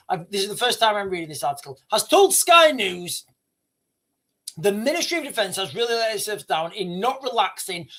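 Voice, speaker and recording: Guy doing a livestream rant, lively up-and-down voice, keeps repeating himself and tripping over words. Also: high voice. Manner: emphatic, repeats himself often; stumbles over words and restarts. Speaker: livestream host. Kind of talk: livestream commentary reading a news article.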